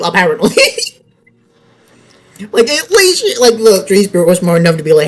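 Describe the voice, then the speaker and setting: A man's voice: sits high, big pitch swings, a little slow, pauses often, poor audio. A young man giving casual gameplay commentary, rambling and laughing often. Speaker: gameplay YouTuber.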